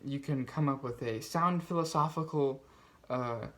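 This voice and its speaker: This BookTube host speaks in a mid-range, fairly bright voice at a slightly slow pace. He rambles through his reading pile in a casual book video, full of fillers and restarts.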